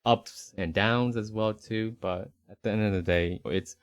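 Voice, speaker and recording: A man's voice: fairly low pitch, unhurried, dry recording. A young man from the Northeastern United States with a slight Rhode Island accent, chatting easily as a podcast co-host, rambling with fillers and restarts. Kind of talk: casual conversational podcast chat.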